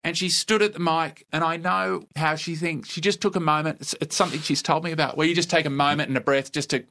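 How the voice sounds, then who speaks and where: A middle-aged Australian comedian telling stories in a podcast interview, with a laconic, dry and wry delivery. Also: male voice, fairly high pitch, steady tone, fast talker, bright, forceful tone. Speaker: comedian guest. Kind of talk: casual storytelling interview.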